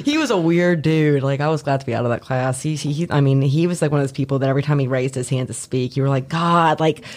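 A man's voice: mid-range voice, fast talker, hardly any pauses, darkish tone. Young man telling a laughing story. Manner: laughing storyteller with acted-out reactions. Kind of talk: casual podcast chat.

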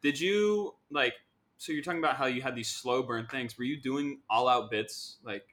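A man hosting a podcast, chatting casually and enthusiastically, with quick affirmations and playful quoted asides. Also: medium pitch, fairly bright tone.

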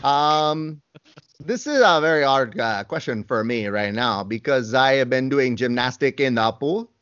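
A man voicing a goofy French-Canadian male fighter, halting and full of hesitations, with a put-on French-Canadian accent. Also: mid-range voice, a bit bright, clear, resonant tone, no room sound, dull audio, natural voice.

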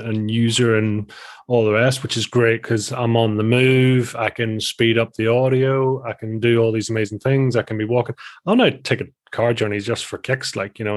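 A man in his forties with a Northern Irish accent, chatting and rambling as a podcast guest. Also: fairly low pitch. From Northern Ireland. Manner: chatty, rambling, restarts often. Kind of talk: casual interview chat.

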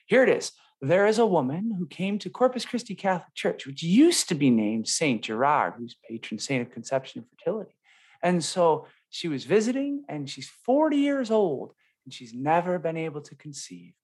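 Exuberant priest co-hosting a podcast. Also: male voice, fairly high pitch, big pitch swings, moderate pace, darkish tone, breathy edge. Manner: exuberant, playful storyteller. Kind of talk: casual faith podcast chat.

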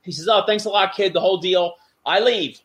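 His voice sits high and runs a little fast as this middle-aged ex-wrestler casually relates stories from backstage. He's animated and plays out the voices of those he quotes.

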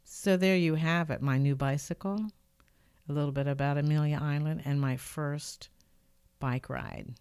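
A woman's voice: deep voice, unhurried, clean tone, dry recording. An older woman hosting her own podcast from her home studio, telling a personal story in an earnest, reflective way. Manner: earnest, reflective, lively when retelling events. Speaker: podcast host. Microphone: studio microphone.

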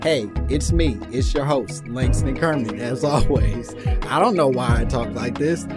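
A man's voice: mid-range voice, a little slow, over loud music. A man hosting a comedic podcast in casual chat, playful and mock-grandiose, riffing in exaggerated voices. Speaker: podcast host.

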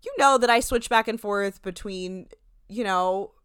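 A young woman with a New Jersey accent, co-hosting a podcast and chatting casually, animated and opinionated, with quick asides. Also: medium pitch, clear, resonant tone, dry recording, clean studio sound. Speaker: podcast co-host. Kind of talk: casual chat.

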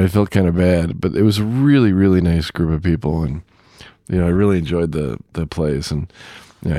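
Very deep, gravelly man, casual talk. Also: warm tone, no echo, clean studio sound. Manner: rambling storyteller with frequent fillers and chuckles. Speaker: podcast host; truck driver. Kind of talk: casual spoken monologue.

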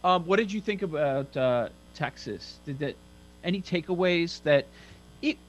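A man co-hosting a sports podcast, asking questions in a relaxed conversational way. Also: fairly high pitch, measured pace, lo-fi sound. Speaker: podcast co-host. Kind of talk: casual sports chat.

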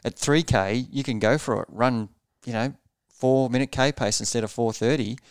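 A man's voice: mid-range voice, normal speed, smooth, no room sound, clean studio sound. A man coaching triathletes in a podcast interview, explaining pace earnestly and repeating words as he thinks.

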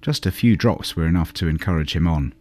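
A man narrating a fairy tale in a calm, measured storybook reading. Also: sits low. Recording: soft music underneath.

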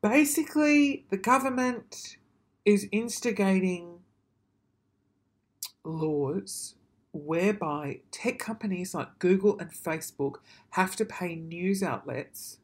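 A man's voice: high voice, expressive, slow pace. A man ranting casually to camera, swearing freely and then apologising, in a rambling, self-deprecating way. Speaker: vlogger.

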